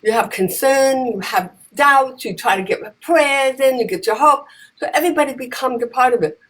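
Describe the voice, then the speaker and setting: A woman telling lively stories in casual conversation, acting out the voices of the people in them. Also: sits high, normal speed, poor audio. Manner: animated, acts out voices in her stories. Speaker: guest, comedian and advocate. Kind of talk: conversational storytelling.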